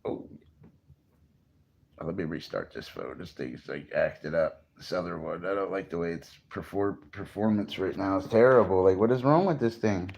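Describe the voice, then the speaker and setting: A man's voice: low-pitched, expressive, normal speed, vocal fry, darkish tone. Laid-back swearing livestream guy. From New Jersey. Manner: laid-back, swears freely, greets chat viewers. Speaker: livestream host. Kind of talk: casual morning livestream chat.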